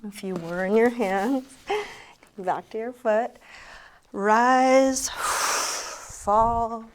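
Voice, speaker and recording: A woman teaching a yoga class, giving calm, unhurried movement cues with soft asides, slightly out of breath. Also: a little high, slight background noise. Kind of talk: guided yoga class instruction.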